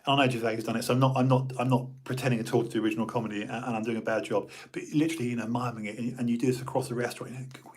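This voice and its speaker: A man's voice: mid-range voice, slight background noise. A middle-aged British man talking on his live stream in a chatty, jokey, rambling way, full of restarts. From United Kingdom. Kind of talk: casual rambling monologue.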